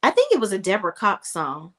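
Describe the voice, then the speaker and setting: Animated woman recapping a TV episode. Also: mid-range voice, fast. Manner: animated, exclaiming, acts out characters' lines. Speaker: TV recap host. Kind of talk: casual TV recap commentary.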